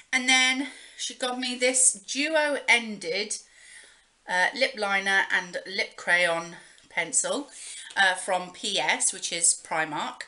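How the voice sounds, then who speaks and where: Woman, young adult, beauty vlogger; leisurely, chatty delivery full of ums; bright, forward voice. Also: mid-range voice. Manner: chatty and rambling, with many pauses and fillers. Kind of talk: casual show-and-tell chat.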